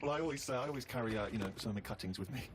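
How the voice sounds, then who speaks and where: A man's voice: medium pitch, rapid-fire. A man co-hosting a radio comedy show, telling rambling, self-deprecating anecdotes full of quoted exchanges. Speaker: co-host. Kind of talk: casual comic storytelling.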